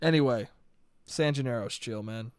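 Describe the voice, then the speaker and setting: A man in his late twenties hosting a solo comedy podcast, telling stories in an animated, profane way. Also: mid-range voice, moderate pace, no room sound, studio quality. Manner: profane, animated storytelling with put-on voices. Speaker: podcast host.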